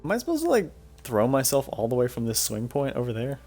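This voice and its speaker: A man's voice: mid-range voice, huge pitch swings, quick pace, darkish tone, faint music behind. A young man streaming a game, telling stories in a rambling, profane way and laughing often. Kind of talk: casual storytelling while playing a game.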